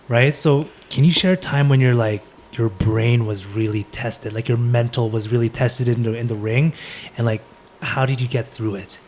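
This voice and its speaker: A man hosting a casual interview podcast, asking loose, relaxed questions full of fillers. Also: mid-range voice, normal speed, a little hiss or hum. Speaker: podcast host.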